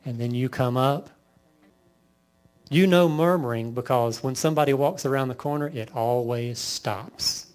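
A man preaching a sermon, firing off lists and rhetorical questions to his congregation. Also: mid-range voice. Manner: lively preaching, lists sins in rapid bursts, rhetorical questions. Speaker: pastor.

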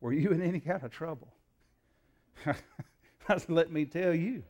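A man's voice: on the high side, unhurried, a little mellow. A man, a preacher telling a story in a sermon in a folksy way, acting out the dialogue, with frequent fillers.

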